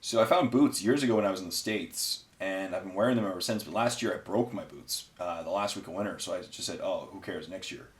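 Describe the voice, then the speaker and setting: Low-voiced and quick with few pauses, a tired man hosts a miniature-painting show from home near a garage. As the channel's host, he chats casually while painting, rambling and offhand and amused with himself, with a roomy echo around him.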